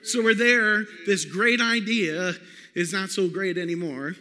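A man preaching a sermon, telling a personal story in an animated way and calling out to the congregation. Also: high-pitched, measured pace. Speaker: pastor. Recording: long hall reverb.

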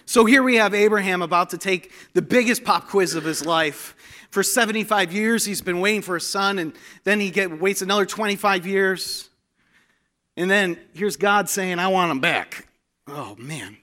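A male preacher delivers a sermon, weaving in humorous personal stories with animated energy. His voice sits high and rings bright and forceful. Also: moderate pace.

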